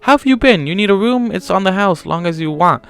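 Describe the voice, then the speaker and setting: A man's voice: sits high, expressive, fairly quick, clean tone, soft background music, pitched above the performer's own voice. A man voicing a wrinkled, jolly old stallion who runs a hotel, speaking with a heavy old accent and a chuckle.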